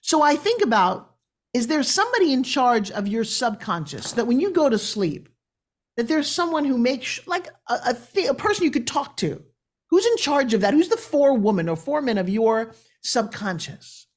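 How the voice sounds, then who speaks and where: Middle-aged woman guest, motivational interview energy, bright-ish higher voice, big pitch swings. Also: moderate pace. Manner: lively, shifting pitch up and down for emphasis. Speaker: guest speaker. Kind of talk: animated motivational interview talk.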